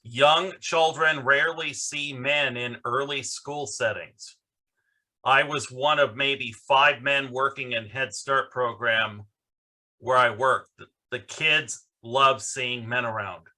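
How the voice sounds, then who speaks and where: A man leads a virtual panel discussion over a video call. He talks slowly and earnestly, stopping often for fillers. His voice has a bright, forward edge. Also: medium pitch, steady tone. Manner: slow, earnest, halting with fillers. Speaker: panel moderator. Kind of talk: virtual conference panel talk.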